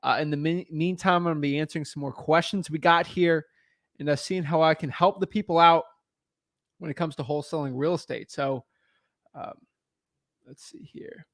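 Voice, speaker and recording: A man hosts a casual live question-and-answer stream, talking with eager energy. His voice sits a little high and the sound is dry and close, with no room behind it. He piles on fillers and repeats phrases to drive things home. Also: normal speed, long pauses, dry recording. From United States. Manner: energetic, repeats himself, many fillers and restarts. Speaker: livestream host answering viewer questions.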